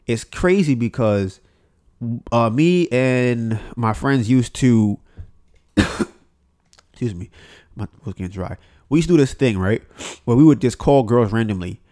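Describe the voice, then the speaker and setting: A man's voice: mid-range voice, animated, measured pace, long pauses, warm tone. A man talking alone on his podcast, loose and rambling with many fillers and restarts, swearing freely and acting out old phone calls in quoted voices. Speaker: podcast host. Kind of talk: solo podcast monologue.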